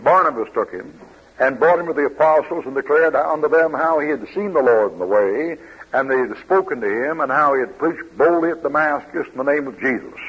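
A man's voice: mid-range voice, slightly rough. A man preaching a sermon, telling folksy stories and reading scripture aloud. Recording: dull lo-fi old radio broadcast.

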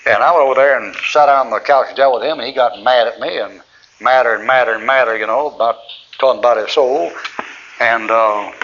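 A man's voice: medium pitch, brisk, a bit bright, highs cut off, slight background noise. A man preaching in a folksy, rambling way, teaching through anecdotes and chuckling often.

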